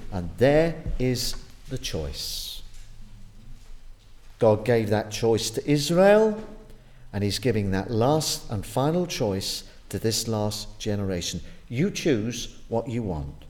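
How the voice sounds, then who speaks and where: Slow, lively-pitched male preacher. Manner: emphatic, swings between loud urgent stress and low quiet endings. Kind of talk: sermon with scripture reading.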